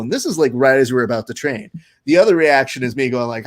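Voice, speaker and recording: A man's voice: medium pitch, expressive, a little fast. A man hosting a casual podcast interview, joking and rambling through a story. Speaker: podcast host.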